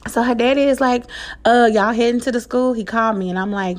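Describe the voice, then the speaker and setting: Lady, kinda high voice, animated, cussing and laughing while she tells a story. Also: a little fast. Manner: animated, swearing, laughing often, loud high outbursts. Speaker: mother telling a story. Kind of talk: casual storytelling vlog.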